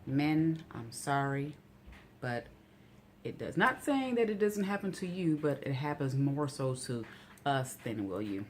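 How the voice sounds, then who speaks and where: A woman vlogger telling a rambling, casual story full of "you know" asides, getting animated and incredulous when outraged. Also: very deep voice, unhurried, slight background noise.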